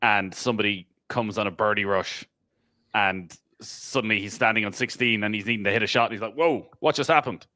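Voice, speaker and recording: A man's voice: lowish voice, fairly even intonation, a little fast, pushed and bright, no echo, studio quality. A man on a golf podcast panel chatting casually and telling stories from the course. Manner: chatty storyteller, mimics crowd voices.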